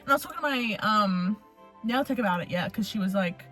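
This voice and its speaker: A young woman, talking in an animated, profane, rambling way in a casual vlog. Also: mid-range voice, brisk, faint music behind. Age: young adult. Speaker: vlogger.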